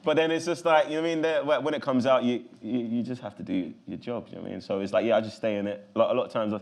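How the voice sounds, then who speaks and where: A man's voice: mid-range voice, very fast, gravelly. A man in his thirties with a London accent, talking loosely as an interview guest, full of fillers and restarts. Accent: London English. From London, England. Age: 30s. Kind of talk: casual interview talk.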